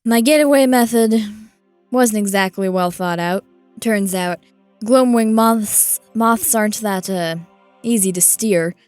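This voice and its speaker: A woman's voice: mid-range voice, a little slow, darkish tone, smooth, dry recording, faint music behind. Hesitant woman recapping, dry sound. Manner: hesitant, filler-heavy. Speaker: co-host and player. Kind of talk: first-person recap narration.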